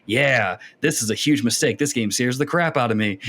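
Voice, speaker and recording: A man hosting a casual gaming podcast, telling stories with lively reenactments of his younger self. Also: mid-range voice, fairly quick, hardly any pauses. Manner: animated storytelling, acts out his younger self. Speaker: podcast host.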